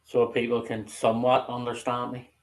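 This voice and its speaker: Man, casual stream chat, rambling, heavy swearing, mid-pitched voice. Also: completely flat delivery, normal speed, slight background noise.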